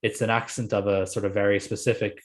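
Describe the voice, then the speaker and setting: A young man co-hosting a film podcast, telling stories in a lively, swearing, casual way. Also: on the low side, fast. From Ireland. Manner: animated, swears freely, tells stories. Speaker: podcast co-host.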